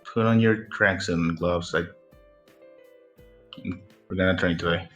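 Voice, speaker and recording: A man voicing a gruff young man in a tabletop game, speaking bluntly and low-key in his own voice. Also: steady tone, unhurried, fairly bright tone, lo-fi sound, faint music behind.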